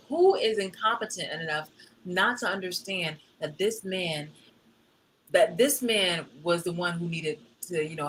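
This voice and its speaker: A woman live streaming, telling a personal story in a blunt, profane and animated way. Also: fairly low pitch, a little hiss or hum, rough recording.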